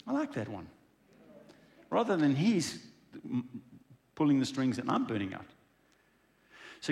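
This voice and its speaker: A man's voice: medium pitch, wildly swooping pitch, measured pace, gravelly, pauses often, a little mellow. A man preaching a conversational sermon in a church, acting out dialogue as he goes. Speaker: pastor.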